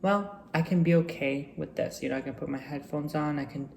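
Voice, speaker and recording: A man's voice: a little high, fairly quick, creaky, darkish tone. A man vlogging casually while eating, reflective and chatty, with plenty of fillers, over faint background noise.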